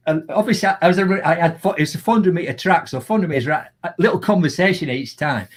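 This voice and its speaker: A man with a Yorkshire accent, chatting as a guest in a live video call and telling lively, animated anecdotes. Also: on the high side, fast talker, hardly any pauses. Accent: Yorkshire English. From Yorkshire, England. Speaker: guest, motivational speaker. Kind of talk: casual storytelling in a live video chat.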